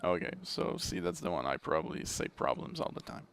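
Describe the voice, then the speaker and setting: A young French-Canadian man talks in a casual podcast chat, his low voice gravelly with fry. He tells stories with a lot of swing in his pitch and laughs easily. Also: fairly quick, slight background noise. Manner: animated storyteller, laughs easily. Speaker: podcast guest.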